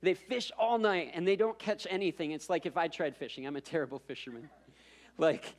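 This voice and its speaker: A man's voice: a little high, animated, fairly quick. Conversational male pastor preaching. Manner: conversational storytelling with self-deprecating asides; repeats words when building up. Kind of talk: sermon.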